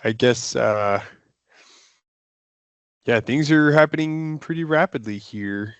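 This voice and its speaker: A man playing a tabletop game, chatting in an excitable, expressive way. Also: medium pitch, slow, clear, resonant tone, no room sound. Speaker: player. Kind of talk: casual game chat.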